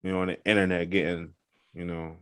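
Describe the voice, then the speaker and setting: Fast-talking low-voiced man. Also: flat delivery, slight background noise. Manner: quick, peppered with "you know what I'm saying". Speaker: podcast co-host. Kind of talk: casual chat.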